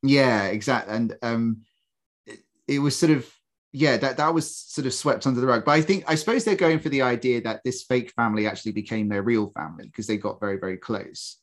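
A man's voice: medium pitch, fairly quick. A man co-hosting a podcast, chatting casually about a film and laughing often, with sarcastic jokes. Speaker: podcast co-host. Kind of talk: casual film review chat.

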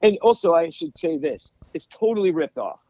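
A man's voice: fairly high pitch, big pitch swings, moderate pace, dry recording, highs cut off. A man guesting as a musician, chatting casually in an interview and rambling through stories with lots of restarts. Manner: rambling, many restarts and laughs.

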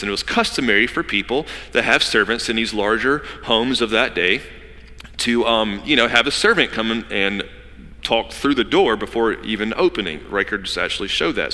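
Animated male pastor in a reverberant hall. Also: mid-range voice. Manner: animated storytelling, acting out characters in quick asides. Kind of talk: sermon.

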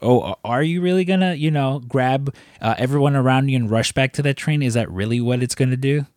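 A man's voice: mid-range voice, a little fast, darkish tone, no echo, studio quality. A man co-hosting a casual film discussion, talking in a rambling, reflective way. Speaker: podcast co-host.

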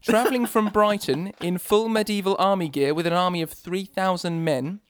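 A man's voice: high-pitched, normal speed, clear, resonant tone, no echo. A man chatting on a podcast in a loose, rambling way, laughing easily and restarting his sentences. His voice is recorded close and dry, with no room sound. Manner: rambling, giggly, lots of fillers and restarts. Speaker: podcast co-host. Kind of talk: casual podcast chat.

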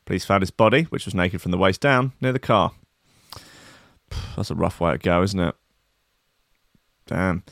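A man's voice: lowish voice, animated, normal speed, no room sound. Sarcastic man riffing on news. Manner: dry, sarcastic, rambling. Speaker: video host.

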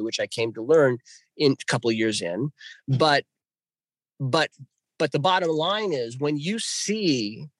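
A man guest telling a story in an excitable way, swinging between hushed and loud. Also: fairly high pitch, no room sound. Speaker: podcast guest. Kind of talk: animated storytelling.

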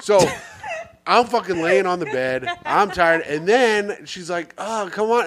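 A man's voice: sits high, lively intonation, a little slow, crowd noise. A man co-hosting a podcast, bantering in a casual comic chat with lots of swearing and mock indignation. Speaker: podcast co-host.

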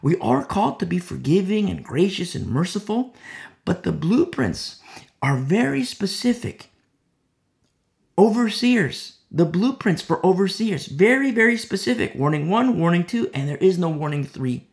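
A man preaching a sermon in a gravelly, slightly high voice. He talks loosely with plenty of fillers and sometimes drops almost to a whisper when he prays. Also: big pitch swings, normal speed. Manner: conversational preaching, drops to a hushed voice in prayer; many fillers, acts out quoted people. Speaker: pastor.

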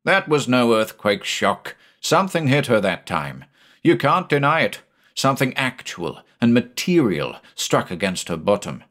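A man's voice: mid-range voice, very animated, a little slow, a bit bright. A man doing an exasperated old sea captain. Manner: exasperated, demanding, raising his voice. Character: irritable, fretful old ship's captain, easily exasperated.

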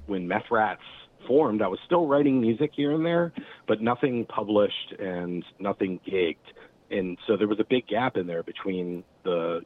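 A man talking casually as a musician guest, rambling with lots of fillers. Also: sits low. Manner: rambling, many fillers and restarts. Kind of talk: casual interview chat. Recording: tinny phone-like line, faint hiss.

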